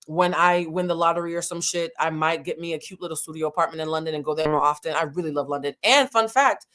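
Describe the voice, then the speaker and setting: A woman's voice: low voice, a bit bright. Brash, swearing woman recapping reality TV. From United States. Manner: candid, brash, swears freely, quick asides. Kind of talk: casual profane recap commentary.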